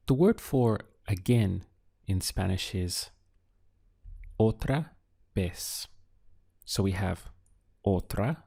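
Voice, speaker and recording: Male teacher, dark mellow voice, unhurried and patient, pausing between phrases. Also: deep voice, vocal fry, slightly rough. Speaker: language teacher. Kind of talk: slow, clear language lesson.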